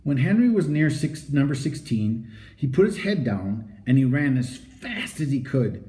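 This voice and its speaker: A man reads a children's story aloud with a lively, rising and falling delivery and a mellow, soft-edged tone. His narration is animated and expressive. The recording has a noticeably roomy echo. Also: medium pitch, normal speed. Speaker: audiobook reader.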